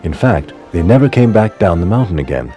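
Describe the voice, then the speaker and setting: A man giving a measured, solemn scripted reading for a documentary. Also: deep voice, sing-song, dark tone, faint music behind. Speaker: documentary reader.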